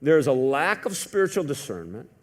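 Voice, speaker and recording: A man preaching a sermon in a church, telling a story in a conversational way, swinging from hushed to loud. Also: mid-range voice, big pitch swings, a little fast. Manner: conversational with many fillers. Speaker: pastor.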